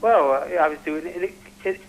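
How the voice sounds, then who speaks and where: A man's voice: on the high side, fast talker. A man calling in to a live show, answering hesitantly and sheepishly over the phone. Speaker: caller. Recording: phone line on air.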